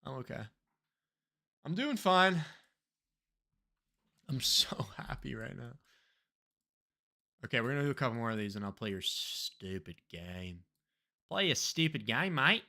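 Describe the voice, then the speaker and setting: Excitable young man streaming, bright voice. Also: mid-range voice, a little slow, creaky, long pauses. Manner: excitable, swears a lot, loud outbursts. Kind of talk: live-stream reaction commentary.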